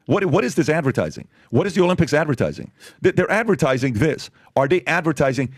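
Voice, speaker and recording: A man speaks quickly and insistently in casual podcast talk, piling up rhetorical questions. His voice sits at a middle pitch. The sound is dry and close, with no room echo. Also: animated. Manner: emphatic, repeats rhetorical questions. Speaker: podcast host.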